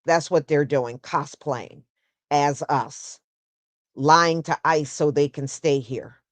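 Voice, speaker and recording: A woman hosting a casual solo livestream, talking in an unhurried, conversational way and answering viewers with "mm-hmm" and "yeah". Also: sits low, fairly even intonation, no echo. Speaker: host.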